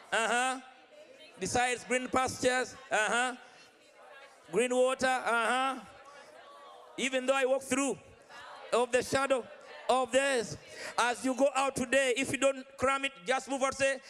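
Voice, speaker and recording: A man's voice: very high voice, a bit bright. A man preaching a live sermon, exhorting the congregation, repeating phrases and leading them in call-and-response chants. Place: large church hall. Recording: long reverb of a large hall.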